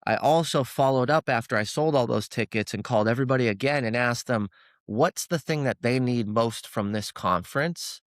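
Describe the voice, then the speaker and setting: Male podcast guest, average pitch, earnest storyteller who stumbles over words when moved. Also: normal speed, no room sound, studio quality. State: close to tears at times. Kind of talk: emotional personal storytelling.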